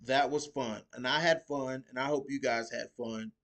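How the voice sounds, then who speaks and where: A man's voice: medium pitch, steady tone, moderate pace, a bit bright. Laid-back man hosting a slangy podcast. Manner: laid-back slangy talk, laughs often. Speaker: podcast host. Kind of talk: casual podcast chat.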